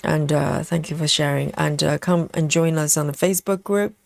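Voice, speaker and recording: Woman host, relaxed stream chat, low-ish voice, dry close mic, chatty with fillers. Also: normal speed, vocal fry, dry recording. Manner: chatty, relaxed, many fillers, eating chocolate while talking. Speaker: cross-stitch livestream host. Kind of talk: casual livestream chat.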